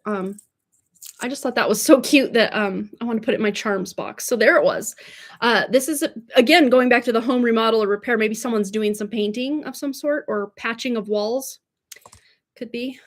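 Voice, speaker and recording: A woman giving a casual livestream tarot reading, chatty and rambling, tripping over words and laughing them off. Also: medium pitch. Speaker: tarot reader. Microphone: livestream mic.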